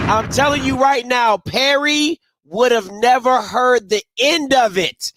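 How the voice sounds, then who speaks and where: With an extremely high voice that swings widely in pitch, this man speaks slowly with a fairly bright tone and no room sound. He's hosting a casual live postgame show from home against a green screen, trash-talking playfully and repeating points for emphasis.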